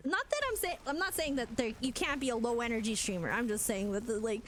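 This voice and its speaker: A young adult woman streaming as a VTuber, chatting casually in an animated way with lots of fillers. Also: on the high side, quick pace, few pauses. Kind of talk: casual live-stream rant.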